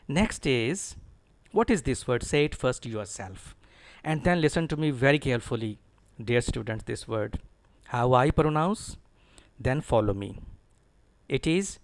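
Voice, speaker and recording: A middle-aged man teaching an English pronunciation lesson, slowly drilling words with his students through repetition. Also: mid-range voice, lively intonation, creaky, dry recording.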